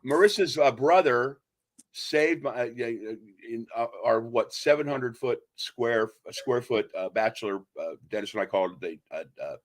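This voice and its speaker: A man's voice: medium pitch, lively intonation, moderate pace. Middle-aged male radio host, rambling storyteller, casual banter. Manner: rambling, laughs at his own stories. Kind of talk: casual banter and joke telling.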